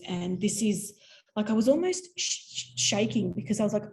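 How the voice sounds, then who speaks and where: An Australian woman, a podcast guest, telling a story in a lively, animated way and acting out voices. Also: medium pitch, moderate pace, low-quality recording. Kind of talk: storytelling interview.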